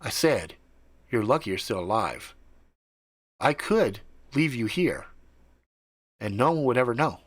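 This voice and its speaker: A man voicing a quiet, teasing young woman in an improvised story, speaking calmly and frankly with the odd curse word. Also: medium pitch, measured pace, long pauses.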